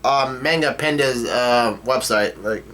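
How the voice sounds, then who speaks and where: A man reads a comic chapter aloud in a loose, casual way, his voice sitting at an ordinary middle pitch. He hurries through the text, stumbling and restarting, and breaks off to swear in disbelief at what he reads. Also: unhurried, a bit bright. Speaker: manga reader and reactor. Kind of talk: casual read-through with reactions.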